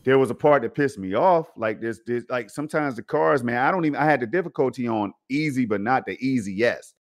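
Casual male streamer, mid-pitched, slangy and animated, talks straight to viewers. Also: a little fast. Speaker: co-host of a gaming livestream. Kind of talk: casual gaming talk.

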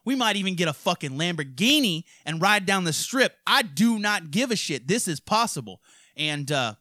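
A man from hosting a podcast, telling crude stories in a rowdy, profane, animated way. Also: high-pitched, normal speed, no echo, clean studio sound. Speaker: podcast host. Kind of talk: crude casual storytelling.

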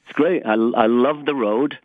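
An older man from England, chatting as a guest in an interview, self-mocking and lively. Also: medium pitch, unhurried. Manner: chatty, self-mocking, sings snatches of songs. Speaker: guest musician. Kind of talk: casual interview chat. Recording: tinny dry phone line.

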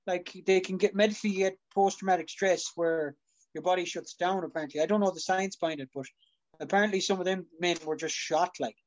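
A man with a notably high voice talks in a blunt, casual way, dropping swear words and asking if you get him. The sound is muffled and dull. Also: steady tone, fairly quick. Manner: blunt, swears, seeks agreement often. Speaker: podcast co-host. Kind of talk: casual chat.

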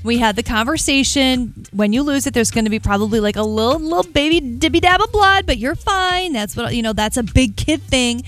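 Upbeat lady on morning radio, high and bouncy, laughs a lot, quiet music bed. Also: a little fast, few pauses. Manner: animated, laughs often while telling stories. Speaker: radio show co-host. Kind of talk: casual morning radio chat.

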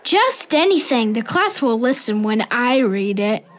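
Woman doing a show-off schoolboy, high voice, slow drawl, pushy, children's audio drama. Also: big pitch swings. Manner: pushy, self-important.

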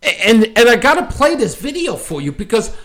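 Animated ranting male commentary host. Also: very high-pitched, brisk. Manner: ranting, animated, laughs often, many fillers. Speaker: show host. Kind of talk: opinionated political commentary.

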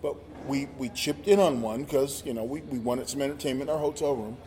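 A man telling a story in casual chat, acting out quotes with animated energy. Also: medium pitch, a little fast. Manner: animated, acts out quotes loudly. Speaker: podcast guest, former wrestler. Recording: roomy with long reverb and faint noise.

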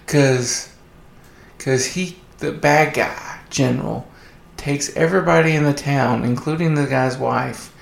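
A man's voice: medium pitch, unhurried, vocal fry, roomy sound. A man co-hosting a podcast in casual chat, retelling movie plots with joking asides. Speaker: podcast co-host.

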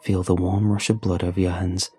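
A man's voice: deep voice, little pitch movement, a little fast, warm tone, husky, faint music behind. A man voicing a young boy possessed by a demon, with a hissing, mocking, sing-song manner. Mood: gloating menace.

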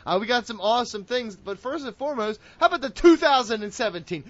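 Brief: male podcast host, high voice, swings up and down, rowdy banter, dull lo-fi sound. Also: fast, hardly any pauses, no echo. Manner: loud, excitable, swearing banter. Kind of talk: casual wrestling podcast chat. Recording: dull lo-fi audio.

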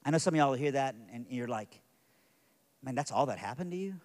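A middle-aged man preaching a sermon, telling a personal story that moves from quiet, hushed moments to loud, intense passages. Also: medium pitch, animated, a little fast.

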